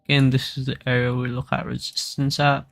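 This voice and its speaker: A man's voice: medium pitch, monotone, brisk, creaky, soft background music. A man giving casual live stream commentary on crypto charts as the analyst, rambling with lots of fillers and restarts.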